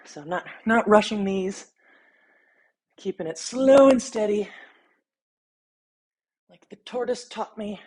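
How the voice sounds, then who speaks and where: Breathy woman coaching while working out. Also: medium pitch, slow pace, pauses often. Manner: talks while exercising, counting reps, relaxed and encouraging. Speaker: fitness instructor. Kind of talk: follow-along workout coaching.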